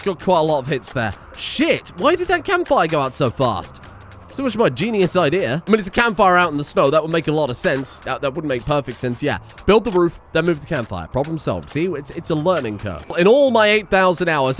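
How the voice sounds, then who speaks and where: A man giving exasperated, swearing let's-play commentary on a survival game and talking to the characters on screen. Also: on the high side. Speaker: gaming video creator.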